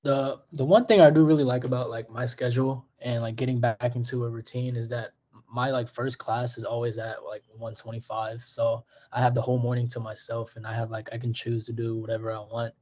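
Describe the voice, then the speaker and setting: Young male student, steady monotone, dull lo-fi sound, laid-back casual talk. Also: mid-range voice, brisk. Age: young adult. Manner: easygoing, many "like" fillers. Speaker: college student. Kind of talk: casual group chat.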